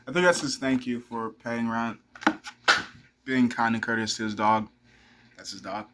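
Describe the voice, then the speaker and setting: A man's voice: medium pitch, steady tone, normal speed, very noisy. A young man rambling casually to camera, swearing freely and talking to his dog between thoughts. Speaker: vlogger.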